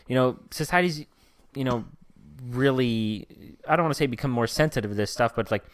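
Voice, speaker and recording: A man's voice: fairly quick, dry recording, studio quality. A man co-hosting a casual podcast chat, joking around with lots of fillers. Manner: jokey, lots of fillers, breaks into silly high voices. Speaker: podcast co-host.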